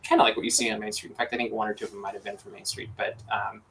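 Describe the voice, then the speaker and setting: A man's voice: fairly low pitch, little pitch movement, rapid-fire, fairly bright tone, a little hiss or hum, poor audio. A man hosting a casual podcast chat, enthusiastic and rambling with lots of fillers. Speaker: podcast host.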